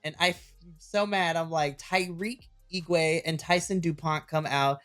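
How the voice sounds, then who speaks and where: A man in his thirties co-hosting a wrestling podcast, recapping matches in an animated way and laughing often. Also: fairly high pitch, measured pace, smooth, soft background music. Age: 30s. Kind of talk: casual chat.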